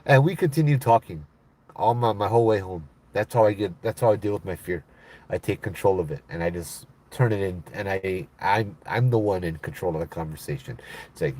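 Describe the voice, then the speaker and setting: Deep-voiced man telling a ghost story. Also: a little fast, darkish tone. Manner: conversational, frequent "you know" and "right?". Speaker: storyteller, former mental health worker. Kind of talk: casual spoken ghost story.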